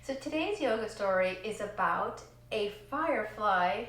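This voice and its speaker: A woman teaching a children's yoga class, giving gentle, encouraging cues in time with slow breaths. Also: medium pitch, lively intonation. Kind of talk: guided kids yoga lesson. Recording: echoey room, distant from mic.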